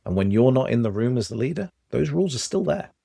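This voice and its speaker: A man with a Stoke Midlands accent, a podcast guest telling lively examples in casual conversation. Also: medium pitch, fast, vocal fry, no room sound, clean studio sound. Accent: Stoke, English Midlands.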